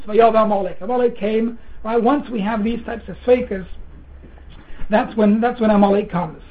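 A man's voice: high voice, steady tone, moderate pace. Man giving a Torah lecture over a tinny line. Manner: earnest, repeats words, mixes Hebrew terms into English, clears throat often. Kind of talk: sermon. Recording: tinny phone-like sound.

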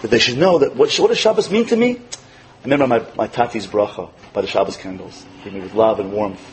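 A man giving a storytelling sermon as a religious teacher, acting out quotes with animation and dropping to soft, tender tones. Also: lowish voice, brisk, slight background noise, low-quality recording.

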